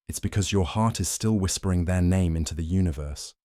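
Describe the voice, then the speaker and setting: A man with a very deep, dark and mellow voice reads scripted motivational narration. His delivery is slow, measured and solemn. The sound is dry and close, with no room around it. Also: dry recording.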